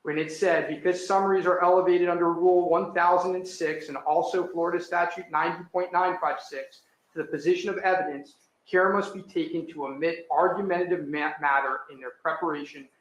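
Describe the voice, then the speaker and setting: A man's voice: a little high, steady tone, fairly quick. A man arguing as an attorney before a judge, firm and citing case law, in a courtroom. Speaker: defense attorney. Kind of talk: courtroom argument. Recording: echoey courtroom audio.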